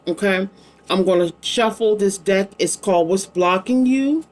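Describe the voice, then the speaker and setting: A woman's voice: mid-range voice, unhurried. A middle-aged woman giving a casual, rambling psychic card reading, chatting between cards and making fond asides to her small son. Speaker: psychic tarot reader.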